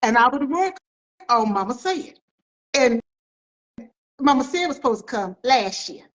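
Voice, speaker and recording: A woman's voice: sits high, animated, a little slow, rough recording. A middle-aged woman author, telling family stories in an interview with emphatic repetition. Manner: emphatic storyteller, repeats phrases for effect. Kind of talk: storytelling in an interview.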